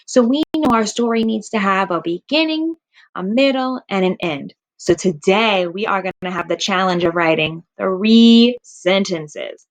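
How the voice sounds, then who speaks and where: Slow, patient kindergarten teacher woman. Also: mid-range voice. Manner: slow and deliberate, stretching out sounds for young children. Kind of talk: remote teaching lesson.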